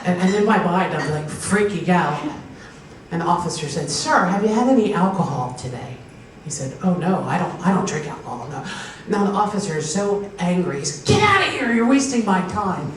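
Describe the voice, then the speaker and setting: A woman's voice: on the low side, expressive, fairly quick. A woman from Pennsylvania doing a stand-up comedy set, telling stories and acting out the voices of the people in them. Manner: storytelling, acting out quoted voices, laughing at her own punchlines. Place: live comedy show with an audience. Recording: echoey hall recorded from far off with faint noise.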